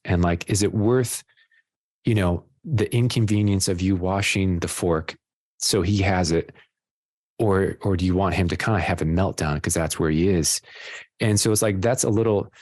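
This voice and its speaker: A man with a very deep voice talks in a rambling, self-deprecating way, often pausing and restarting his sentences. The sound is dry and close, with no room echo. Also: a little mellow. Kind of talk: casual radio talk.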